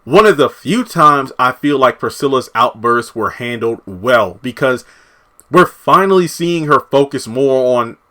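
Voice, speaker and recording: A man giving a casual, animated recap of a TV episode, full of asides and quoted lines. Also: mid-range voice, measured pace. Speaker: TV show reviewer.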